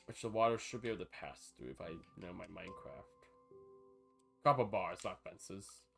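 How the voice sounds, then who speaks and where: A man chatting casually on a live gaming stream, rambling between thoughts and breaking into sudden excited outbursts. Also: low voice, normal speed, gravelly, soft background music.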